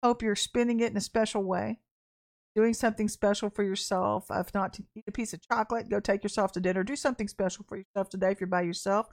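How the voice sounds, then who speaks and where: A woman's voice: medium pitch, fairly even intonation, fast, darkish tone. A middle-aged woman hosting a livestreamed prophetic podcast, talking bluntly and animatedly, laughing at herself and repeating phrases for emphasis.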